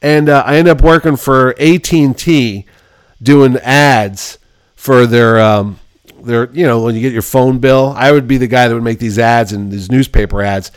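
A man in his fifties hosting a show, telling casual stories and acting out the people in them, combative and quick with a comeback. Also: mid-range voice, clean tone, no echo, clean studio sound. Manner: self-described belligerent, quick with comebacks. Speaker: podcast host. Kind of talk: casual storytelling.

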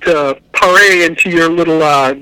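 A man co-hosting a casual podcast, telling comic book stories in an excitable, animated way. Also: on the high side, normal speed, clean tone, no echo, low-quality recording. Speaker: podcast co-host.

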